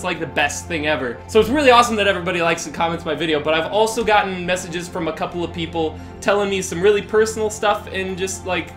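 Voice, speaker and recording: Guy doing a comment q&a vlog, rambly and excitable, pokes fun at himself, faint music in the back. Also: high-pitched. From Utah, USA. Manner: excitable, rambling, self-deprecating. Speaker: YouTuber answering viewer questions. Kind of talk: casual vlog Q&A.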